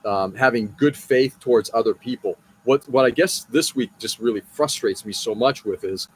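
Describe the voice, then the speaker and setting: A man's voice: medium pitch, moderate pace, husky. A man from the United States hosting a live show, venting in a frustrated, blunt and profane way, often restarting his sentences. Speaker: podcast host. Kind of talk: casual political rant on a live show.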